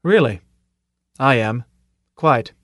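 A man's voice: mid-range voice, animated, slow, dry recording. Stern old army commandant , a guy putting it on, clipped and bossy, dry close sound. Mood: commanding. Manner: clipped, authoritative, with pointed questions. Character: stern older male military commandant, gruff and commanding. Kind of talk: audiobook character reading.

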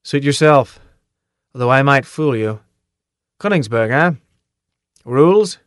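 A man's voice: medium pitch, lively intonation, slow pace, no room sound, studio quality. A man voicing a tough, cocky male drill sergeant who barks and taunts his recruits in an audiobook. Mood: sardonic. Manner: barking, taunting commands.

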